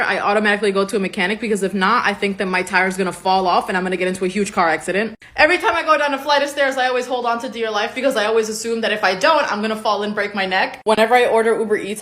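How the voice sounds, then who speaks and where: A woman in a casual vlog, quickly listing her anxious habits in a confessional way. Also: a little high.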